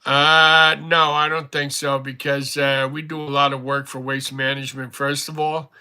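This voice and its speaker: A man's voice: mid-range voice, flat delivery, measured pace, hardly any pauses, sharp tone, smooth. A middle-aged man hosting a casual livestream, rambling through stories. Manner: rambling, chatty storytelling. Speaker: livestream host.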